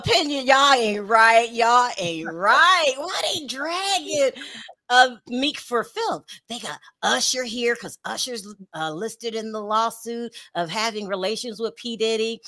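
A woman hosting a casual celebrity gossip show, chatty and animated, reading out viewer comments and scolding in drawn-out repeats. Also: a little high.

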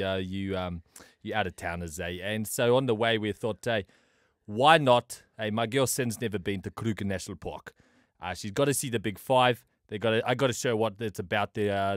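A man's voice: lowish voice, clear, resonant tone, dry recording, clean studio sound, natural voice. A man voicing a laid-back South African man with a put-on South African accent, rambling with lots of fillers. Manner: rambling, filler-heavy, drawn-out.

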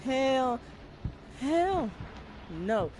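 A woman's voice: high-pitched, very animated, drawn-out words, darkish tone, slight background noise. Jumpy, chatty young woman gamer. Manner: jumpy, chatty, talks to the game and viewers. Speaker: gamer streamer. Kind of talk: let's-play commentary.

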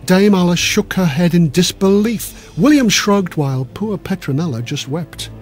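A man's voice: high-pitched, animated, moderate pace, a little mellow, faint music behind. A man giving scripted narration of a children's history story in a dramatic, vivid way.

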